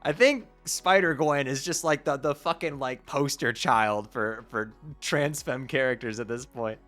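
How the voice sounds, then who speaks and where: Chatty guy on stream, bright voice, rambling, restarts a lot, music playing under. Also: mid-range voice, unhurried. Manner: rambling, laughing, stumbling restarts. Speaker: streamer reading a webcomic aloud. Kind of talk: casual chat.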